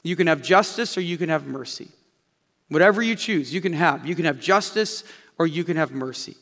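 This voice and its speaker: Saint Peter at heaven's gate, calm and solemn, speaking quietly and evenly, as a male pastor puts him on. The words trail off into a long hall echo. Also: fairly high pitch, fairly quick, creaky.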